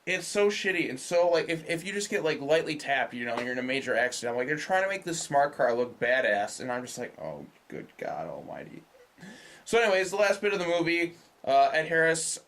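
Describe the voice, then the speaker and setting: A man's voice: a little high, expressive, brisk, fairly bright tone, a little hiss or hum. Profane, ranting young man reviewing a movie. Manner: loose and profane, with sarcastic rants. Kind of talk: casual spoken film review.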